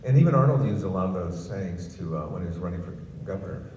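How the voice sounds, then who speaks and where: An older man performing as guest comedian at a book festival tells stories in a large ballroom, chatty and self-amused, with a low, dark, expressive voice and a fast pace. The recording is noisy and echoey, picked up far from the mic.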